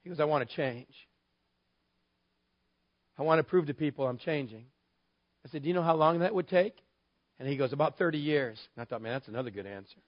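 A man's voice: on the high side, a little fast, pauses often, no room sound. A man preaching a sermon as a pastor, telling a story in a candid, conversational way with wry humor. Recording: dull, lo-fi dry sound.

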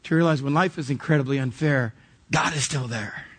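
A man's voice: medium pitch, a little fast, a bit bright, breathy edge. A man preaching a sermon, telling a personal story vividly and acting out the dialogue before turning to earnest preaching. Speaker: pastor.

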